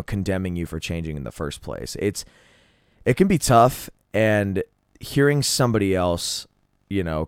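A low-voiced man rambles happily about his favorite songs on his own podcast, swearing freely as he gushes. His voice is smooth and clean, close to the mic in a dry, dead room. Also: dry recording. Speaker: podcast host. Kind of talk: casual solo music review.

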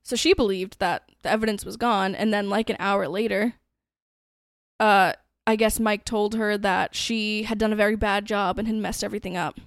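A woman's voice: medium pitch, fairly even intonation, moderate pace, no room sound, clean studio sound. A woman co-hosting a podcast, casually retelling a true-crime case with lots of fillers and some swearing. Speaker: podcast co-host.

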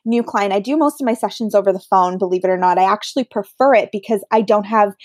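A woman's voice: medium pitch, quick pace, no echo, clean studio sound. A woman who works as a medium, telling stories in a casual interview and acting out the voices she quotes. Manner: animated, acts out quoted voices. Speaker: medium, guest.

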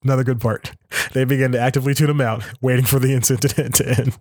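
A man in casual solo podcast commentary, reading a news piece aloud and breaking into chuckles as he goes. His voice sits at an ordinary pitch, and the recording is close and dry, with no room sound. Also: steady tone, fast, darkish tone, no echo. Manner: chuckles often while reading, rambling self-corrections. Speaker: podcast host.

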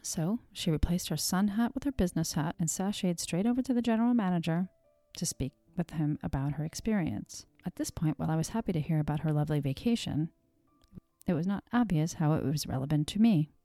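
Woman storyteller, deep voice, mellow tone, wry self-deprecating narration, dry close sound. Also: expressive, brisk, dry recording, soft background music. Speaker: podcast host and storyteller. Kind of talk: scripted personal narration.

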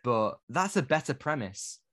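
A man's voice: medium pitch, measured pace, no room sound, clean studio sound. A man co-hosting a film podcast, chatting casually and opinionated, with frequent restarts. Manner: animated, opinionated, rambling restarts. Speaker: podcast co-host. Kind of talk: casual film review chat.

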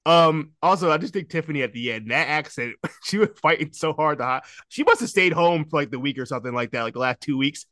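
A man's voice: on the high side, animated, fast, hardly any pauses, sharp tone, dry recording, studio quality. A man hosting a podcast in casual chat, rambling, restarting sentences and laughing often. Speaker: podcast host.

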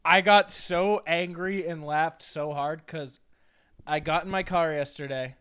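Man, high bright voice, animated storytelling, casual podcast chat. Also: unhurried, smooth. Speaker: podcast co-host. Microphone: headset.

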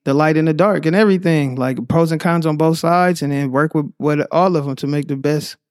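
A young man from the Bay Area with a Bay Area accent, talking in a slangy, rambling, animated way as a podcast guest. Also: fairly high pitch, a little fast, clear, resonant tone, no echo, clean studio sound. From San Francisco Bay Area. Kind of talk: casual chat.

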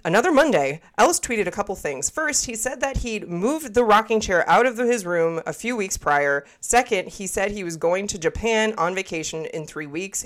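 A woman podcast co-host in casual chat, reading a scary story aloud with laughs and asides. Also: mid-range voice.

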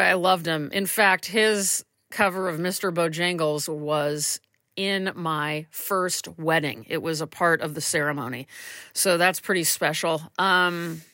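A woman's voice: fairly low pitch, sharp tone, no echo, studio quality. A woman hosting a casual solo podcast from a small room at home, rambling and self-deprecating, a little stuffy from allergies. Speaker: podcast host.

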